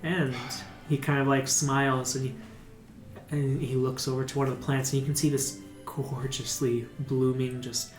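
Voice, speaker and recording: A man's voice: mid-range voice, level tone, normal speed. Man, dungeon master, casual narration, lots of fillers, roomy echo, faint music. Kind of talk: narrating a tabletop game. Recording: roomy room, music behind.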